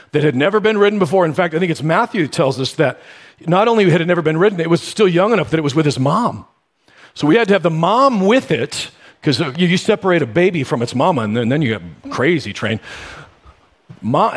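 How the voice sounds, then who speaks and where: A pastor preaches a sermon, telling stories conversationally with sudden bursts of animation. His voice is on the high side, and he speaks a little fast.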